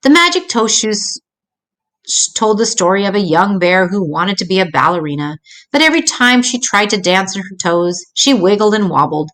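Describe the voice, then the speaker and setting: This is an older woman reading aloud from a children's picture book in the manner of a storytelling grandmother. She sounds gentle and expressive, makes minor slips, and speaks in a mid-range voice at normal speed.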